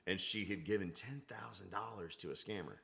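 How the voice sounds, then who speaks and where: With a low, brisk voice touched by vocal fry, a man who sings country music tells animated stories as a podcast guest. He acts out what each person said in the exchanges, keeping the chat casual.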